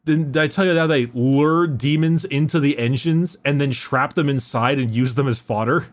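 A man co-hosting a podcast, chatting casually and excitedly about fantasy lore, swearing freely and restarting his sentences. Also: mid-range voice, moderate pace. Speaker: podcast co-host.

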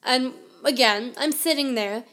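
A woman's voice: high voice, a little slow, fairly bright tone. A woman in her twenties telling a personal story as a podcast host, in a candid, conversational way full of "like" and "I mean.".

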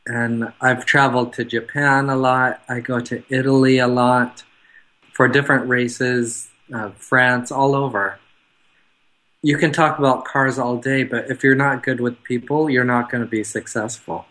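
A man speaking as a guest in an interview, talking about his business in a measured, reflective way. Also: medium pitch, level tone, sharp tone, rough recording. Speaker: guest, car business owner. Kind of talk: conversational interview.

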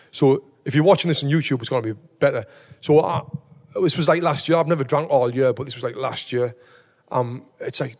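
A man hosting a casual chat, telling stories with lots of swearing and loud acted-out quotes. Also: mid-range voice. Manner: animated storyteller, swears freely, acts out quotes loudly. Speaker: podcast host.

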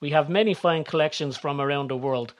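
A man's voice: on the high side, a little fast, lo-fi sound, close to an everyday voice. Skeffington, a man putting on a haughty English lord. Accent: upper-class English. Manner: scoffing, haughty. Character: haughty upper-class English lord, middle-aged.

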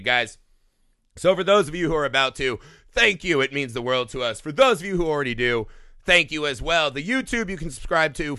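Bright, lively male podcast host with a voice that swoops up and down as he jokes around loudly. He sounds dry and close, with no room echo. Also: fairly high pitch, clear, resonant tone. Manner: exuberant, loud and joking, with swearing. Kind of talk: casual podcast banter.

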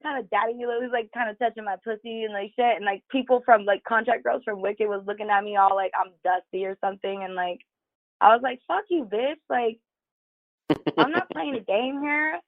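Profane, gravelly-voiced woman guest. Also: on the high side, brisk, dry recording, phone-quality sound. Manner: candid, profane, storytelling with many fillers. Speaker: podcast guest. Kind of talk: casual chat.

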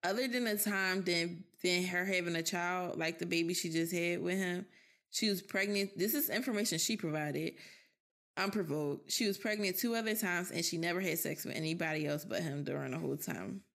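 A woman co-hosting a talk show, chiming in calmly with gossip details. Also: lowish voice, moderate pace, gravelly. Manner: supportive backchannel, calm. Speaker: podcast co-host. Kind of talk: casual gossip chat.

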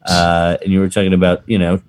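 Rambling low-voiced man from Massachusetts. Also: monotone, quick pace, darkish tone. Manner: loose and rambling, frequent fillers and restarts. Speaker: podcast host. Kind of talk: casual chat.

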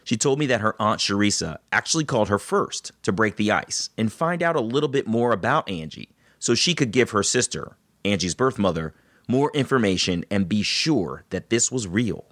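A man's voice: lowish voice, expressive, normal speed, fairly bright tone, dry recording, studio quality. A man interviewing a guest and narrating her story between her answers, with affirming reactions.

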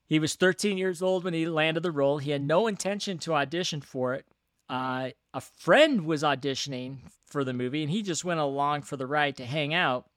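A chatty man with a slightly high voice, co-hosting a casual movie podcast. He talks fast and laughs easily, recorded dry and close with no room sound. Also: fairly bright tone, no room sound. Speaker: podcast co-host.

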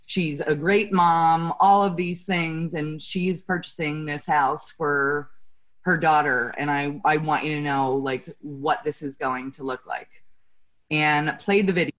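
A woman's voice: deep voice, rough recording. A woman real estate agent telling a heartfelt story in a chatty way, full of fillers. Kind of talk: casual storytelling.

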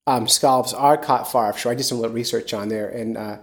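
A male podcast host from the Philadelphia area. He talks in a casual, joking way at an ordinary middle pitch. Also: steady tone, brisk. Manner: chatty, joking.

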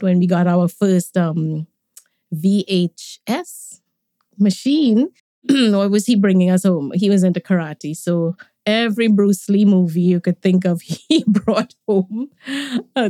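A woman, a podcast guest, tells stories about her family in a relaxed way and laughs often. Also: fairly low pitch, no echo, studio quality. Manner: warm reminiscing, laughs often. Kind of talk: conversational storytelling.

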